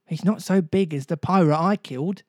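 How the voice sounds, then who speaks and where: Sleepy little boy who brags, eager and wide-eyed, pitched way up, guy doing it. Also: fairly quick, a little mellow, no room sound, studio quality.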